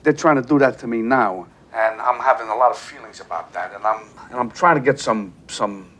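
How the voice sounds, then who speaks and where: An actor playing a volatile, hot-tempered middle-aged mob boss in film dialogue, halting and then bursting into sworn threats. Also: male voice, mid-range voice, a bit bright, natural voice. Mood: uneasy.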